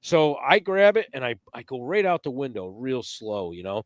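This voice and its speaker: A man telling a hunting story in casual podcast chat, animated and profane, acting out the quotes. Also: medium pitch, moderate pace, no room sound, clean studio sound. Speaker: podcast guest.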